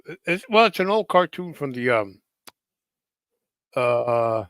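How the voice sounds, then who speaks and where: Guy rambling casually, lots of ums, mid pitch, dry sound. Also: big pitch swings, takes it slowly, a bit bright, dry recording. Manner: rambling, hesitant, many fillers. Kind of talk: casual chat to camera.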